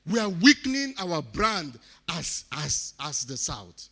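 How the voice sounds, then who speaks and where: Impassioned Nigerian man, bright voice. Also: on the high side, very animated, takes it slowly. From Nigeria, Delta State. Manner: rousing, swings from quiet to loud, repeats phrases. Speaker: summit speaker. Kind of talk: impassioned public speech. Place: conference hall.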